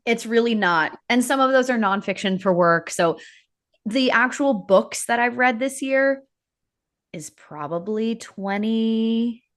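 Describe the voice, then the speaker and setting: A woman's voice: a little high, lively intonation, measured pace, fairly bright tone. A woman co-hosting a podcast, talking casually about her reading, often correcting herself and laughing. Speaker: podcast co-host. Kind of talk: casual chat about books.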